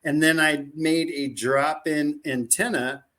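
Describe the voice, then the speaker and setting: A man guesting on a podcast, telling stories in an animated, rambling way. His voice sits a bit higher than most men's. He loses his thread often and fills the gaps with "like" and restarts. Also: takes it slowly. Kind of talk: casual storytelling chat.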